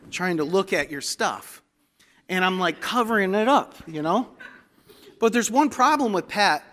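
A man preaching a sermon, telling stories with humor and animated delivery. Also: high voice.

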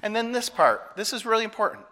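A male pastor preaches a sermon in a church hall, sharing a personal story and putting questions to the congregation. His voice is high-pitched, very animated and fast, with a sharp tone, and the recording carries a long hall reverb.

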